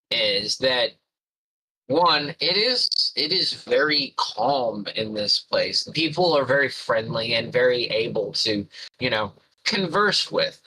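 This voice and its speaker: A man leads a tabletop session as game master. He describes the world at a leisurely pace, pausing often with fillers, and his voice has a bright, forward edge. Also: mid-range voice, breathy edge, rough recording. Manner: unhurried, musing, with frequent fillers.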